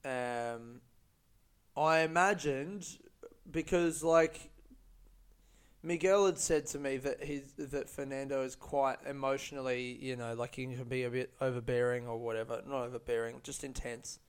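A man's voice: medium pitch, steady tone, a little slow, smooth. A man telling a personal story in a casual monologue, rambling and profane with many fillers and restarts.

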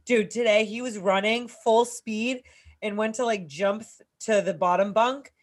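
A woman's voice: mid-range voice, unhurried. Young woman, podcast co-host, casual storyteller with a salty mouth. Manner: swears freely, lively storytelling. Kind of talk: casual chat.

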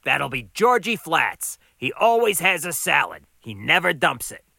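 Man putting on a gravelly older diner boss, needling and bossy, tense bright tone, swooping pitch. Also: sing-song, unhurried, no echo, full character voice. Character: gruff gravelly older male diner owner. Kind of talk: audiobook character voice.

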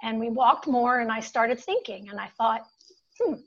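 High-voiced woman telling a story, animated, sound a bit dull and lo-fi. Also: normal speed, gravelly. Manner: animated, builds suspense, shouts when acting out panic. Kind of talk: personal storytelling.

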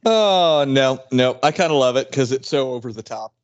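A man's voice: medium pitch, expressive, normal speed, muffled recording. A man co-hosting a podcast, chiming in with wry jokes during a casual movie discussion. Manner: wry, jokey interjections. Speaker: podcast co-host. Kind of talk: casual movie commentary chat.

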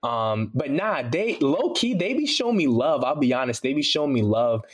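A man talking loosely as an interview guest, relaxed and slangy, with lots of "you know" fillers. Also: medium pitch, normal speed, slightly rough. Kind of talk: casual interview chat.

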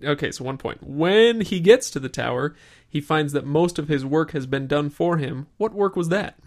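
A man's voice: a little high, lively intonation, normal speed. A man co-hosting a casual podcast chat, upbeat and laughing often as he runs a trivia quiz. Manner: giggly, upbeat, quizzes his co-host. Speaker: podcast co-host.

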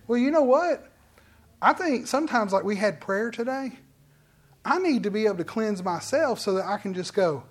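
A pastor preaching a midweek sermon in a conversational way, jumping from loud exclamations to soft, hushed asides. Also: medium pitch, normal speed.

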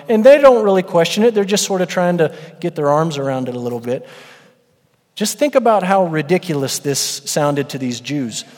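Male pastor in his thirties, slightly raised pitch, earnest sermon delivery, reverberant church room. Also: a little mellow. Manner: earnest, building to emphatic peaks. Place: church sanctuary. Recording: long hall reverb.

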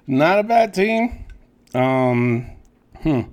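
A man's voice: a little high, big pitch swings, very slow, a little mellow. A man co-hosting a podcast, rambling casually with many fillers and some swearing. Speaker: podcast co-host. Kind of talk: casual wrestling chat.

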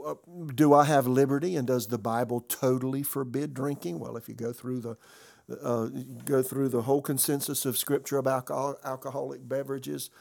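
A man's voice: mid-range voice, creaky, a little mellow. An older male pastor giving a conversational sermon, telling a story earnestly and often restarting and repeating words.

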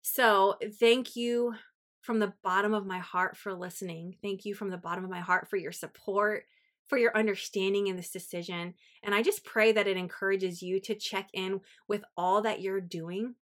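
Bright-voiced chatty woman podcast host. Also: mid-range voice, normal speed. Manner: earnest, chatty, uses 'like' a lot. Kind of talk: heartfelt faith podcast talk.

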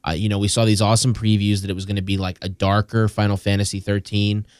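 Podcast host, male, low voice, rambling and animated, dry close mic. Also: fast, clean tone, no room sound. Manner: rambling, animated storyteller with frequent restarts. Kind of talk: casual podcast chat.

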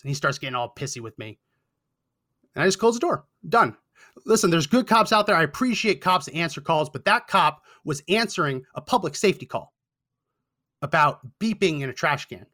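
A man's voice: fairly high pitch, animated, a little fast, pushed and bright. A young man hosting a talk show, telling a story with indignant sarcasm. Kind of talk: storytelling commentary.

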